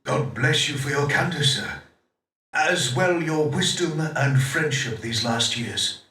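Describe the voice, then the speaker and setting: Elizabethan patient, pious and grave,, fairly high voice, echoey far-off game sound. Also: male voice, slow, sharp tone, a little hiss or hum. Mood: solemn. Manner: solemn, prayerful, old-fashioned speech. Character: pious ailing Elizabethan man, devout and grave. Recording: distant roomy game audio.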